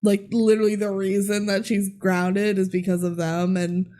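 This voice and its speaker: A woman's voice: mid-range voice, little pitch movement, normal speed, warm tone. A woman co-hosting a podcast, recapping a movie in casual chat, laughing often and swearing freely. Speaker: podcast co-host.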